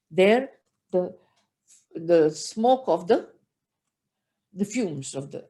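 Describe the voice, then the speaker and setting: An Indian-accented woman teaching scripture with a mid-range voice, neither high nor low. She tells her stories with expression and turns often to speak directly to her listeners. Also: darkish tone. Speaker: spiritual teacher. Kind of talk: devotional discourse.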